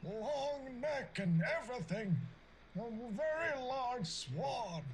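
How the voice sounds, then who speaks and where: A grumpy old grandpa's voice, high and thin, in clipped answers. He speaks slowly and flatly. Faint ambience sits behind. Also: slight background noise, exaggerated voice. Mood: rambling. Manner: curt one-word answers. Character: terse grumpy old man on a phone line.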